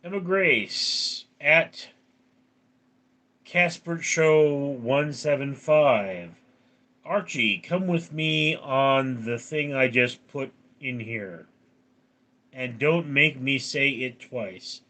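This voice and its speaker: Slow-talking tired man, bright tone. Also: expressive. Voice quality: drowsy, low-key. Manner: slow, halting, reads out viewer names. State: tired and yawning. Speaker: livestream host. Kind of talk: casual livestream chat with viewers.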